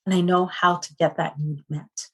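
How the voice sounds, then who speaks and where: A woman's voice: lowish voice, flat delivery, normal speed. A middle-aged woman speaking as a psychotherapist guest in a conversational interview, earnest and often ending points with rhetorical questions.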